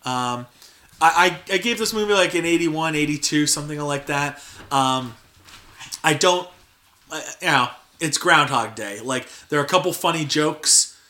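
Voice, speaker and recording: Bright-voiced young man hosting a podcast. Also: a little high, normal speed. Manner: filler-heavy, frequent "like" and restarts. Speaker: podcast host. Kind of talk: casual chat.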